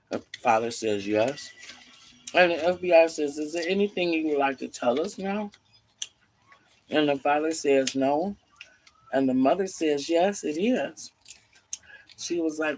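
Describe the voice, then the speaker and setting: A man's voice: on the high side, unhurried, pauses often, slight background noise. A man casually telling a story, acting out the voices of the people in it. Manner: animated, acts out each character's lines.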